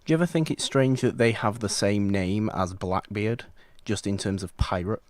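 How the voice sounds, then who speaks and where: This man co-hosts a film podcast, chatting casually in a wry, rambling way and correcting himself often. His voice is fairly low and a little mellow, moving at normal speed.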